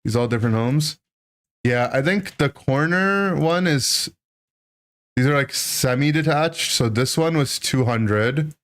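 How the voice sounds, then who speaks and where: A man in his thirties, a streamer, telling a childhood story to his chat in an animated, rambling way, full of "right?" and "like". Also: medium pitch, measured pace. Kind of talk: casual storytelling to a live chat.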